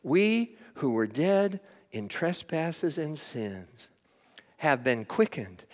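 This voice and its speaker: An older man giving a sermon as a chaplain, telling stories earnestly and moving between hushed and emphatic delivery. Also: on the high side, sing-song, slow pace, long reverb tail. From United States. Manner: earnest storytelling preacher, swings from hushed to emphatic. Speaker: chaplain preaching.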